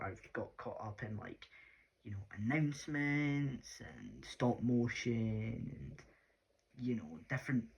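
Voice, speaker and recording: Husky-voiced Scottish man rambling. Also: medium pitch, darkish tone. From Scotland. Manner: rambling, chatty, lots of fillers. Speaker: YouTuber. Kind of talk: casual vlog talk.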